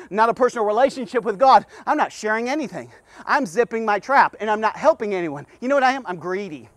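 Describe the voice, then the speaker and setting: A man giving a rambling devotional talk, stammering and repeating himself with animated asides. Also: sits high, no room sound. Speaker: devotional podcast host.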